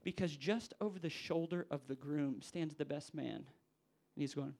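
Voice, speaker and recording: A young man, a pastor preaching a sermon to church leaders, acting out quoted voices with big jumps in pitch. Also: a little slow, vocal fry, a little mellow. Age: young adult.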